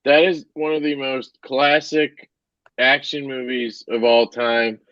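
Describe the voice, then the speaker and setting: A man's voice: mid-range voice, level tone, takes it slowly, no echo, highs cut off. A man chatting loosely on a podcast, joking and swearing as he talks. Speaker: podcast co-host. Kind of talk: casual podcast chat.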